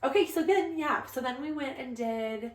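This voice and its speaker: A woman's voice: sits high, normal speed. A young woman co-hosting a podcast, animatedly telling a story in casual chat and acting out what others said. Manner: animated storyteller acting out quoted voices, chatty. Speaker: podcast co-host, the bride. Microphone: podcast microphone. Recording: roomy, distant mic.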